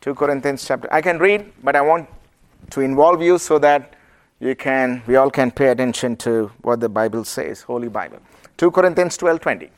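A man's voice: medium pitch, moderate pace. A man with an Indian accent teaching the Bible to a group and asking them questions. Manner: asks the audience questions, lively and engaging. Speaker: preacher.

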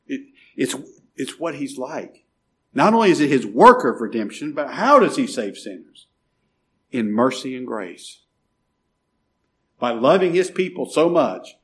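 A man preaching a sermon and reading scripture aloud, swinging between loud calls and quiet, dropped phrases. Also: mid-range voice.

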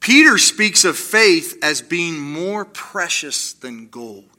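A man preaching a sermon, animated, acting out the voices he quotes and slowing to quiet emphasis on key lines. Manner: animated, acts out quoted voices with rising pitch. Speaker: pastor.

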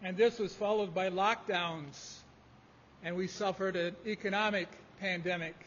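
A man preaching a sermon, measured and emphatic in delivery. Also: high voice, fairly even intonation, a bit bright, a little hiss or hum. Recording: dull lo-fi audio in a reverberant hall.

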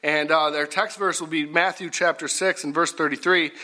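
A middle-aged man preaching a folksy sermon, repetitive and rising to loud emphatic bursts. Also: a little high, fairly even intonation, moderate pace.

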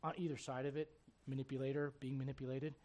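A man's voice: mid-range voice, little pitch movement, fast talker, a little mellow. A man preaching a sermon as pastor, retelling scripture stories in casual everyday speech. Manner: storytelling preacher, voices biblical figures in casual speech.

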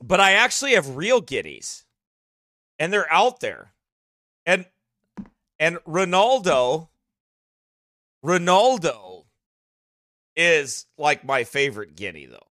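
Man, pastor, casual livestream chat, giggly, bright voice, dry close sound. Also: a little high, sing-song, unhurried, dry recording. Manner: giggly, laughs often, goofy. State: slightly strained voice.

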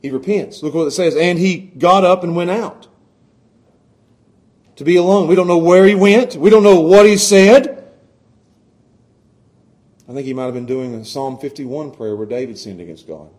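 A middle-aged male pastor preaching a sermon, moving from hushed, tender passages to loud, impassioned ones and often stammering on his restarts. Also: fairly high pitch, moderate pace, long pauses.

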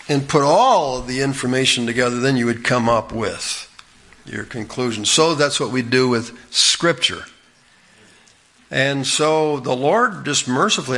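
Middle-aged man, gravelly husky voice, folksy earnest sermon. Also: medium pitch, a bit bright. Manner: folksy, earnest preaching with rhetorical questions. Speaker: preacher.

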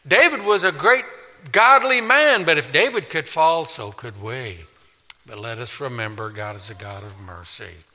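A male pastor preaching a sermon in a church, emphatic, swinging from loud declaring to quiet pleading. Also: medium pitch, animated, unhurried. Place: church sanctuary. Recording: long reverb of a large hall.

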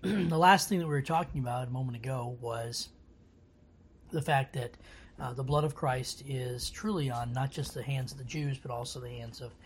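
A man teaching scripture in a casual, earnest way into a laptop camera. He rambles, restarts often and fills gaps with ums. His voice sits in an ordinary middle pitch. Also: normal speed, a little hiss or hum. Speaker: bible teacher. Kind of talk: casual bible study commentary.

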